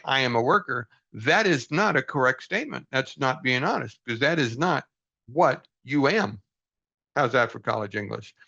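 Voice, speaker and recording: A man's voice: medium pitch, creaky, bright, forceful tone. An older man reading from a book aloud and reflecting on it in an earnest, folksy, self-deprecating way, on a dull lo-fi recording. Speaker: book study host.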